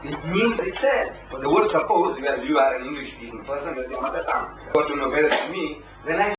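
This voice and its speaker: A man's voice: on the high side, quick pace. A man debating heatedly, emphatic and argumentative. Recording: echoey, distant, dull and noisy old recording.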